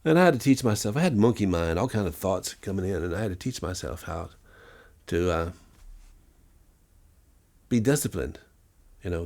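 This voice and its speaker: A man's voice: low-pitched, expressive, normal speed, gravelly, pauses often, darkish tone. A man who is a musician and music teacher, telling stories in an interview in a rambling, anecdotal way, with many fillers and restarts. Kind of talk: interview storytelling.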